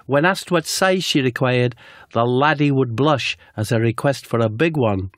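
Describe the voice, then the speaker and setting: A man co-hosting a comedy podcast, telling an absurd tale in a deadpan way and chatting with hesitant fillers. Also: medium pitch, normal speed, dry recording, clean studio sound. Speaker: podcast co-host. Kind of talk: comic storytelling and casual chat.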